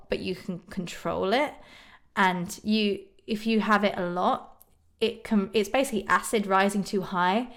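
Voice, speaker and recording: A young woman from just northwest of London with a southern English accent, chatting casually on a live stream and answering viewers' questions with lots of ums and little laughs. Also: medium pitch. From England, northwest of London. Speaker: YouTube singer hosting a live stream. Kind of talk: casual live-stream chat reading comments.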